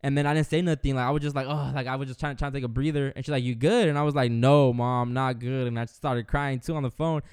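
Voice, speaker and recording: A man tells a personal story at a quick clip and acts out the voices of his family. His voice is smooth and crisp. The recording is dry, with no room sound. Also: medium pitch, dry recording. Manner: animated storyteller, acting out relatives' words. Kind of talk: casual chat.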